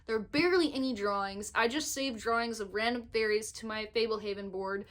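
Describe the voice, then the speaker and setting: A young woman rambling excitedly in a casual book review vlog, recorded on her phone. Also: fairly high pitch. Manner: excitable, gushing, talks in quick bursts with restarts. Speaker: book vlogger. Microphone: phone microphone.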